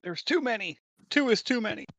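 A man's voice: high-pitched, animated, brisk, fairly bright tone, no room sound. A man playing a tabletop game, musing casually aloud. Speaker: player.

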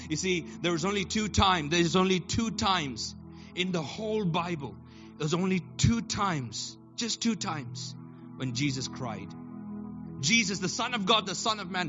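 A man preaching a passionate sermon in church. He repeats phrases and builds to shouted and half-sung declarations. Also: fairly high pitch. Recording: dull lo-fi recording with keyboard music. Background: live keyboard playing.

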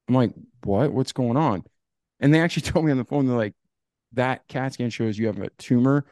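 A man telling his life story in a podcast interview, with a lively, casual delivery that acts out past conversations. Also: on the low side, no room sound, studio quality. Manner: animated, acts out dialogue with "I'm like". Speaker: podcast guest.

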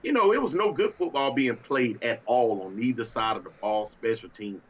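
A man's voice: medium pitch, animated, moderate pace, a bit bright, muffled recording, slight background noise. A man co-hosting a casual sports talk show, ranting in a fiery, exasperated way and breaking into laughter. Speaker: podcast co-host.

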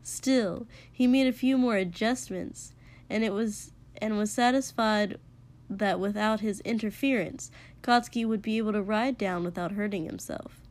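A woman narrating a story aloud in a steady, even reading voice. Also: mid-range voice, normal speed. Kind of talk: reading fan fiction aloud.

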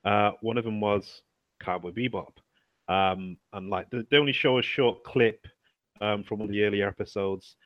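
A man from the UK, co-hosting a podcast and talking in a halting way with many pauses and fillers. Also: on the low side, dry recording. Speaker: podcast co-host. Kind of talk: casual chat. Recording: dry, muffled remote mic.

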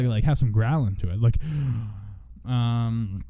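A man's voice: medium pitch, takes it slowly, mellow, dry recording. A young man hosting a radio show in casual chat, rambling and self-mocking, now and then breaking into joking country singing.

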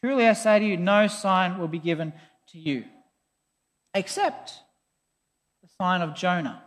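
Preacher doing Jesus, blunt and dismissive, mid-pitched, long hall echo. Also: measured pace, natural voice. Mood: fed up. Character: Jesus, weary and fed up.

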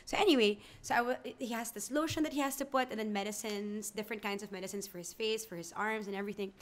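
A woman's voice: mid-range voice, fast. Chatty woman guest, stammering. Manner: warm, stammering restarts, laughs often. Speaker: podcast guest. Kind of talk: candid conversational interview.

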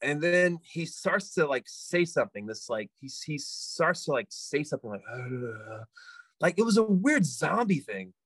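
A man telling a long story as a podcast guest, in a casual animated way, repeating himself and filling with "like". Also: fairly high pitch, normal speed, few pauses, no echo, low-quality recording.

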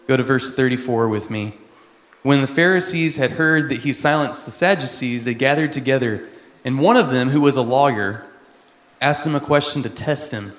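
A man from Texas, a missionary, preaching a sermon in a conversational way with quick asides. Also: medium pitch. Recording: echoey hall with long reverb.

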